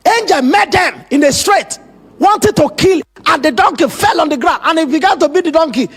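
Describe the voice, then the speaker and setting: A man's voice: very high voice, expressive, moderate pace, a bit bright. A man preaching a sermon as pastor, telling Bible stories with dramatic, emphatic asides.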